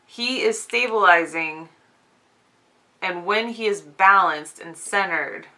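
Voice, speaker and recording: A woman with a crisp, bright voice talks her way through a tarot spread for her viewers. She is chatty and informal, calls her audience y'all, and keeps slipping into little giggles as she turns the cards. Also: mid-range voice, slow, low-quality recording. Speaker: tarot reader. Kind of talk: casual collective tarot reading.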